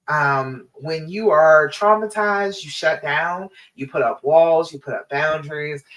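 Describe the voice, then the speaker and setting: A woman's voice: lowish voice, poor audio. Emphatic woman love coach. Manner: encouraging, emphatic, direct address. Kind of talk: live-stream coaching talk.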